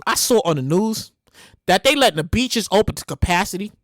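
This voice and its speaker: A woman hosting a casual solo podcast, loud, profane and laughing often. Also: mid-range voice, lively intonation, brisk, dry recording, clean studio sound. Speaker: podcast host.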